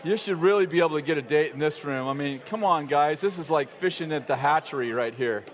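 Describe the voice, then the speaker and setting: A man's voice: a little high, fairly quick, some chatter behind. Rambling male pastor telling a story. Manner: rambling, self-interrupting, laughing through a funny story. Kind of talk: sermon storytelling. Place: church sanctuary.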